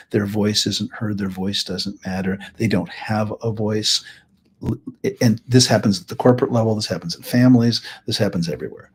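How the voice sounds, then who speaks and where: Husky-voiced man in a rambling live talk. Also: fairly low pitch. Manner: chatty, rambling, with joking asides. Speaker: host and healing practitioner. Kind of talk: casual live teaching talk.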